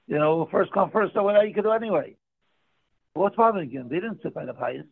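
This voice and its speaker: A man with a raised, gravelly voice and a husky, raspy edge leads a daily Talmud class. He works through the text by asking questions aloud and then answering them. The sound comes through a thin, tinny phone-like line. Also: high voice, animated, fast. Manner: explains by asking and answering his own questions. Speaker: Talmud teacher.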